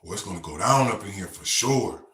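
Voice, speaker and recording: A man's voice: on the low side, animated, fairly quick, a bit bright, reverberant, distant mic. A man voicing a big male inmate spokesman who gives a firm warning.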